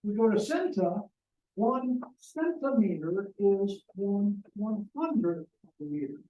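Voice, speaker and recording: A man's voice: high voice, expressive, slow, dark tone, reverberant, recorded from a distance, dull audio. A man teaching a math lesson to a class, joking and talking to the students directly. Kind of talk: classroom lecture.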